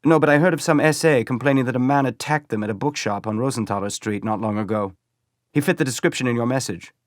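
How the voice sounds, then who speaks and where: An eager, respectful police detective, voiced by a male audiobook reader, set noticeably higher and louder than the narration. The delivery is polite and keen. The recording is dry and close. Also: quick pace, dry recording, close to an everyday voice.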